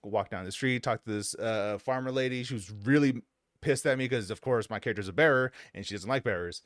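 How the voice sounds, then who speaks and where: A man's voice: mid-range voice, quick pace, fairly bright tone, dry recording, studio quality. A man co-hosting a podcast, retelling a video game story in casual chat and acting out the characters' lines with frequent laughs. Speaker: podcast co-host.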